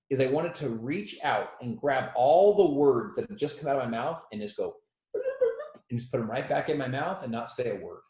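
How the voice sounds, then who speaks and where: Male motivational speaker, thirties, mid-pitched, animated and self-deprecating, echoey room. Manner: animated, self-deprecating storyteller who acts out quotes loudly. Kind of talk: storytelling talk.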